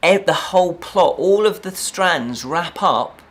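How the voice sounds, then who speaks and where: A man reviewing a film in a casual chat, animated and exasperated, repeating points for emphasis. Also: high-pitched, measured pace. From United Kingdom.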